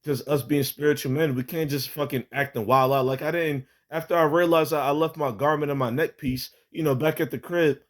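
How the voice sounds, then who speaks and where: A man's voice: on the high side, steady tone, brisk, hardly any pauses. A young man with a slightly raised voice tells a personal religious testimony in a loose, rambling way. He restarts sentences constantly, leans on fillers like "you know" and "like", and swears casually. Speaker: religious vlogger giving testimony.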